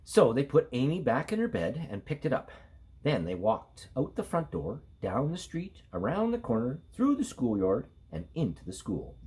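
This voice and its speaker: A man, an elementary school teacher, reading a picture book aloud to children in a playful, expressive way. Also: mid-range voice, normal speed, breathy edge. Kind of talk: read-aloud storytelling for children.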